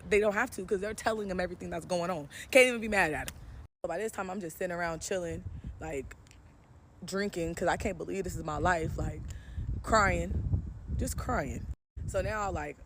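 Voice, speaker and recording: A woman's voice: on the low side, slight background noise. A woman vlogger telling a dramatic, profane true story in a story-time vlog.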